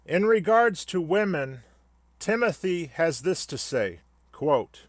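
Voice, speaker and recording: A man's voice: fairly high pitch, big pitch swings, takes it slowly, no room sound. A man delivering a scripted comedic rant in a sarcastic, mock-solemn way. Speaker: satirical commentator.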